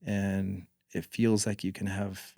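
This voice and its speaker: Speaking slowly in a low, gravelly, mellow voice with little pitch movement, a guest on a casual podcast shares considered, opinionated views on marketing. He's a former marketing executive from North Carolina who says he mumbles, and the studio-quality recording has no echo.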